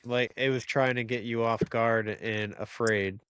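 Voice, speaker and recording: A man's voice: medium pitch, fairly even intonation, measured pace, fairly bright tone, clear, resonant tone, no echo. A male podcast host chatting casually in a laid-back way, swearing now and then.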